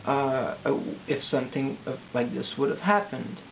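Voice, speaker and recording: Distressed young man, gravelly and tinny. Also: mid-range voice. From Quebec, Canada. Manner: anxious, halting, repeats words and pleads. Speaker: vlogger. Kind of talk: rambling confessional video diary. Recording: tinny lo-fi audio with hiss.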